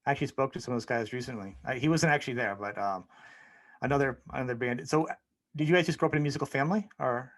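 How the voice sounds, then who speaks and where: A man hosting a podcast interview, reacting and asking questions in a quick, eager way. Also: mid-range voice. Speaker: podcast host. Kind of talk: casual interview.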